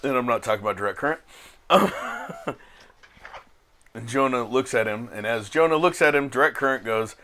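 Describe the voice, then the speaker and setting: A man's voice: medium pitch, normal speed, bright, forceful tone. Casual male player, jokey, narrates tabletop actions. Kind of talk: casual tabletop game chat.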